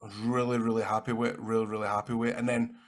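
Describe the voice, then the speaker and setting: A man with a Scottish accent, a guest in an interview, telling rambling, animated stories and swearing freely. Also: fairly low pitch, racing. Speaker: interview guest, actor and wrestler. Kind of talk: casual anecdotal storytelling.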